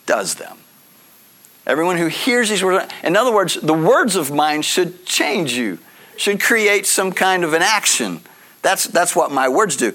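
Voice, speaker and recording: A male pastor preaches in an earnest, teaching way, dropping in casual asides as he goes. His voice sits fairly high for a man. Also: lively intonation, moderate pace, a bit bright. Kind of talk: sermon.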